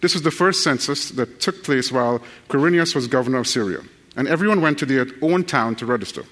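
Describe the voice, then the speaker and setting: A man preaching a sermon, joking with the congregation and then reading scripture quickly. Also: mid-range voice, lively intonation, fairly bright tone, in a large hall. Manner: folksy, joking, addresses the crowd directly.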